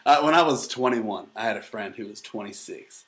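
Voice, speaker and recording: A man's voice: lowish voice, brisk. A man in his thirties co-hosting a casual podcast, joking and swearing freely. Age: 30s. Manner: animated, crude and joking. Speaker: co-host.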